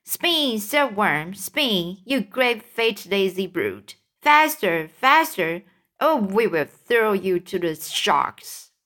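A woman reading aloud and voicing a frantic, bossy centipede who shouts rude orders. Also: mid-range voice, sing-song, takes it slowly.

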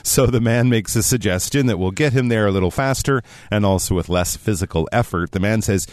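A man co-hosting a radio English lesson, explaining phrases in an animated, explanatory way. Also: brisk, no room sound. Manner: animated, explanatory, lively pitch swings. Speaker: English teacher co-host.

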